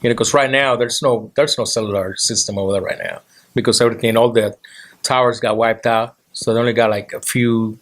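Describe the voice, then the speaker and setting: A man's voice: medium pitch, fairly even intonation, fairly bright tone. Easygoing man co-hosting. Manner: easygoing, laughs often, halting English. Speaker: co-host. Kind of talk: casual talk show banter.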